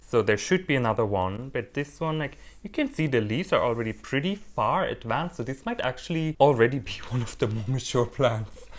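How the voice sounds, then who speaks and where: A man in the middle of a casual unboxing vlog, talking at an everyday middle pitch. He is lively and playful, often joking at his own expense as he chats. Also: fairly quick, hardly any pauses. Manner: animated, playful and self-mocking. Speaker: orchid hobbyist vlogger.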